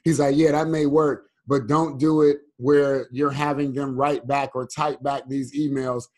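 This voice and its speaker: A man with a mid-pitched voice, a guest on a podcast who talks reflectively and earnestly. He works through his thoughts step by step as he explains them. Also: little pitch movement, unhurried, darkish tone. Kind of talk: casual podcast conversation.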